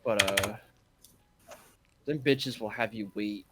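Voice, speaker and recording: A man's voice: fairly low pitch, slow pace, sharp tone, slightly rough. A man co-hosting a casual podcast, ranting with profanity and mocking impressions of rude workers. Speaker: podcast co-host.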